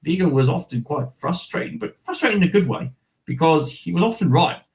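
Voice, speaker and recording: A man's voice: on the high side, animated, a little fast, vocal fry, voice pushed up. A man voicing a fond middle-aged male film director with a put-on New Zealand accent, reading his quote aloud.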